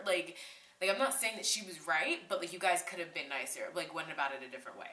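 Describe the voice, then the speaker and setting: A young woman telling a casual storytime vlog, animated and slangy, rushing through with lots of "like"s. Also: low-pitched, roomy sound. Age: young adult. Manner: animated, slangy, talks in a rush with many "like"s. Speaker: vlogger.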